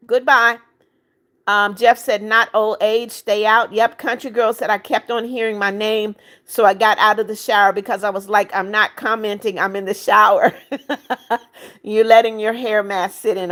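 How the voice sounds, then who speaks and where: A woman hosting a livestream, reading out viewer comments in a brisk, chatty way and repeating greetings and calls for likes. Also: a little high, a bit bright. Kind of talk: casual live chat.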